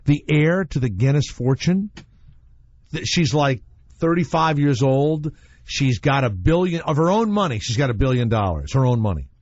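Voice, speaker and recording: A male talk radio host tells a rambling story in a relaxed, casual way, his pitch rising and falling as he goes. The broadcast sounds muffled and a bit dull, with no echo.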